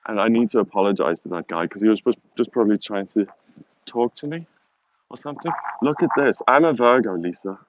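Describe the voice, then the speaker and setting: A man's voice: on the low side, fairly quick. Man, south african accent, rambling live-stream chat, dull phone audio, wind noise. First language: German. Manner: rambling, chatty, self-mocking. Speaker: vlogger. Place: outdoors on a hilltop.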